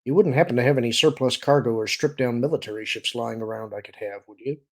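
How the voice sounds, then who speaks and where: A man's voice: medium pitch, fast, close to an everyday voice. Shrewd smuggler chief, voiced by a male reader: calculating, persuasive, some grit in the voice.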